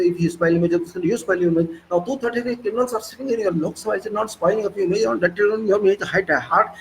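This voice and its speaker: A low-quality recording with a little hiss or hum captures a high-pitched man with an Indian accent. As a political commentator, he rants excitedly, repeating himself for emphasis.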